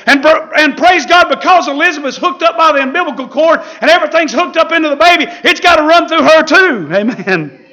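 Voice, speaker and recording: A man preaching a fiery sermon, with shouted peaks and laughter. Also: extremely high pitch, animated, brisk.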